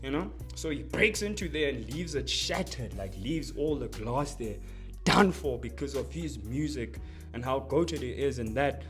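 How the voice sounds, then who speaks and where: A young man explaining rap lyrics in a casual, slangy, excitable way, breaking off from quoted lines to unpack them. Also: medium pitch, normal speed, soft background music. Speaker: music commentator.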